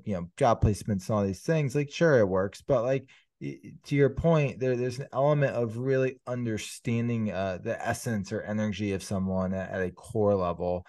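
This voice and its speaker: A man's voice: medium pitch, a little mellow, no echo. A man hosting an interview, asking reflective questions with frequent fillers. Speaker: podcast host.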